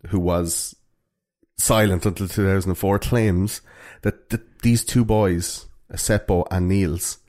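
A man's voice: low-pitched, steady tone, measured pace, a little mellow. A man hosting a casual true-crime podcast, rambling with plenty of fillers. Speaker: podcast host.

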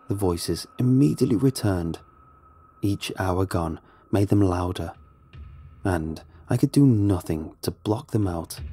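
Low, husky man narrating horror. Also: warm tone, no room sound. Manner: tense, dramatic first-person storytelling.

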